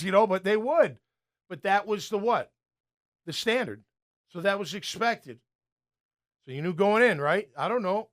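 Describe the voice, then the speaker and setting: High-voiced ex-player sports talk host. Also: male voice, moderate pace, pauses often. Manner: animated storyteller, acts out coaches' yelling.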